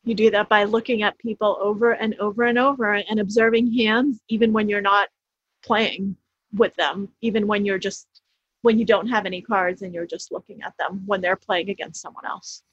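Being interviewed as an author, a woman explains her ideas forcefully and frequently restarts her sentences. Her husky, fairly bright voice is medium-pitched with fairly even intonation at normal speed; the sound has no echo but is dull and slightly lo-fi.

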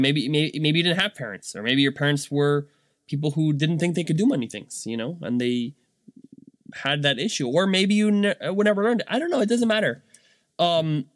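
A man in his thirties talks casually with a slightly high voice. He fills his speech with "um", "like" and a questioning "right?". The recording is close and dry, with no room sound. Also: no room sound. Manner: chatty, many fillers and rhetorical "right?". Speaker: business owner vlogger. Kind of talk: casual monologue.

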